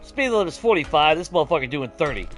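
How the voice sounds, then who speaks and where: A man's voice: a little high, quick pace, faint music behind. A man, talking casually while he plays, ranting with heavy swearing. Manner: profane, animated ranting with laughs. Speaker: gaming streamer. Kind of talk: casual ranting chat over gameplay.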